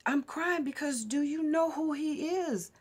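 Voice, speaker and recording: A woman quoting her tearful young neighbor in a higher, urgent voice while telling a story. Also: a little slow.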